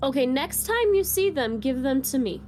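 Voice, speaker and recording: A woman's voice: high voice, animated, normal speed, darkish tone, faint music behind. A nervous, giggly woman playing a tabletop game. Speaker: player.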